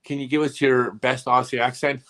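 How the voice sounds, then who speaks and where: A man hosts a casual live stream, telling rambling, animated stories full of asides. He has a mid-range voice and talks at normal speed.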